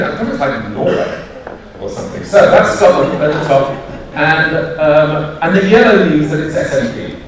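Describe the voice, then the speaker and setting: A British man speaks at a conference in a loose, storytelling way, pausing on fillers and correcting himself as he goes. He is heard from some way off the microphone, and his voice rings through a large, echoing auditorium over a faint hum of room ambience. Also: fairly high pitch. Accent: British English. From United Kingdom. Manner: loose, anecdotal, frequent fillers and self-corrections. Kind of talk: live talk to an audience. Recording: echoey hall, speaker far from mic.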